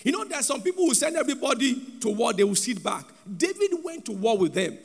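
A man preaches a sermon in a church hall with a sing-song cadence, calling on the congregation to repeat after him. His very high-pitched voice is quick, gravelly, and slightly rough, with long hall reverb and faint background music behind it.

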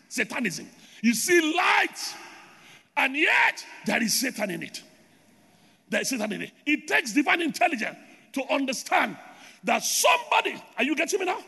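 High-pitched shouting male preacher. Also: creaky, husky, in a large hall. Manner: shouting, rhythmic repetition, declarations. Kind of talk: sermon.

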